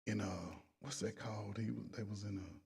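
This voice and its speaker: A man's voice: lowish voice, steady tone, fairly quick, creaky, a little mellow, slightly rough, far from the mic. A man, a coach, casually telling profane stories, laughing along and quoting other people in his own voice. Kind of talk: casual storytelling.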